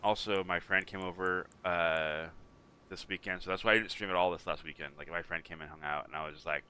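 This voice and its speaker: A young man streaming a game, chatting to viewers in a relaxed, rambling way and yawning now and then. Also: low-pitched, brisk, slight background noise. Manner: relaxed, rambling, talks to chat and his cat. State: yawning, tired. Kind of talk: casual live-stream chat.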